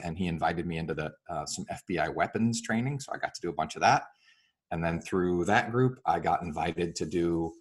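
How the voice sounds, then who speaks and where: A man speaking as an interview guest, explaining his ideas with many fillers and lively acted-out example dialogue. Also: low voice, husky. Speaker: real estate broker and coach.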